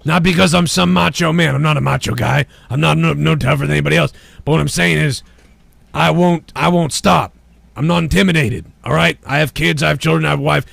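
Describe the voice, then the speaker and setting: A man's voice: on the high side, fairly quick, gravelly, fairly bright tone, dry recording. A man hosting a comedy show, doing a swearing, angry parody of a talk-radio rant.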